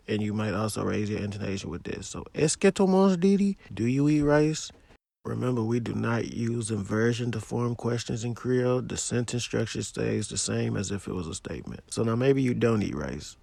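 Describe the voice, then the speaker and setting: Male teacher, low gravelly voice, dry close sound, relaxed plainspoken delivery for a casual lesson. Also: no echo. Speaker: language teacher.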